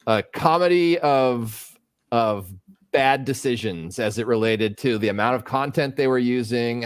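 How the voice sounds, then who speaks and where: A middle-aged man hosts a casual livestream, chatting while he works, thinking aloud and rambling with fillers. His voice is medium-pitched with a clean tone, recorded in clean studio sound without echo.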